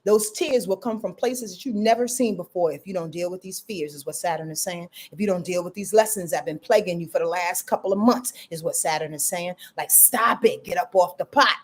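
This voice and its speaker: A woman's voice: fairly low pitch, fairly quick, few pauses, darkish tone. Brash, playful woman giving astrology forecasts. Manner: brash, profane, playful, acts out quotes. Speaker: astrologer host.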